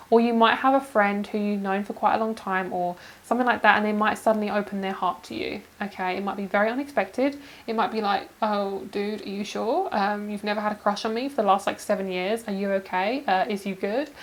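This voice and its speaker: Female tarot vlogger, mid-pitched, emotional and gushing, casual swearing, laughs a lot, talks to viewers as friends. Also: rough recording. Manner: calls viewers girl and you guys. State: emotional, near tears. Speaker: tarot card reader. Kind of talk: pick-a-card tarot reading to camera.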